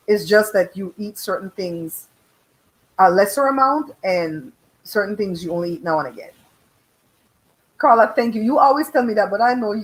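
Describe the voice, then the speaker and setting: A chatty middle-aged woman talking straight to her live viewers. She tells stories in a lively way, acts out what people said, and swears freely along the way. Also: mid-range voice, low-quality recording. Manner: chatty, animated storytelling with voiced quotes; frank, swears casually. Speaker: livestream host. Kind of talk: casual live chat.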